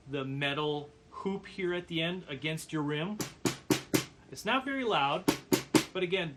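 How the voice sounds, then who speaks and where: A man giving a percussion lesson, calmly explaining brush patterns and counting beats aloud. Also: a little high, noisy background. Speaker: percussion teacher. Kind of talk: instructional demonstration.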